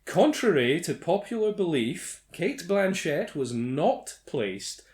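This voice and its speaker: A man's voice: a little high, sing-song, slow, a little mellow. A man hosting a casual movie commentary, reading out trivia with sardonic, sweary mock outrage. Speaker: podcast host reading film trivia.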